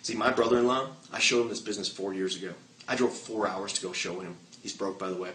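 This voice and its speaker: A man giving an energetic, joking motivational sales training talk to an audience, firing off rhetorical questions. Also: low voice, quick pace, slight background noise. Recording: echoey room, mic far off.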